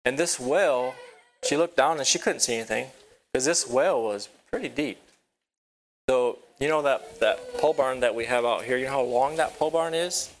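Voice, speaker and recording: On a rural property with a barn, a man teaches children a Bible lesson, telling the story haltingly, repeating himself and putting questions to the kids. His voice sits in the mid range. The audio is poor, with slight background noise.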